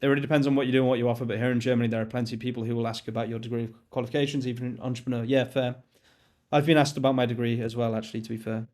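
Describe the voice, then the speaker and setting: A man's voice: mid-range voice, level tone, very fast, a little mellow. A young man chatting casually on a live stream while coding, reading chat aloud, laughing and swearing now and then. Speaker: livestream host.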